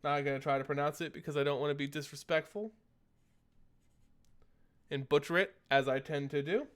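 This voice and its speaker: Young guy streaming, chatty and loose, bit phlegmy, voice sits kinda high for a guy. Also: fairly even intonation, moderate pace. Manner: chatty, reads and answers chat questions. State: a little phlegmy. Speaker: streamer host. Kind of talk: casual live-stream chat.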